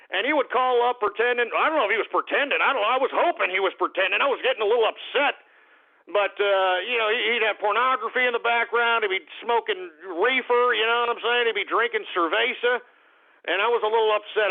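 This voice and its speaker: A brash male talk radio host rants in a high, gravelly voice that rises even higher when he gets worked up. His audio comes through thin and phone-like. He keeps calling his listeners folks and baby. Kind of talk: call-in radio rant. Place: Texas.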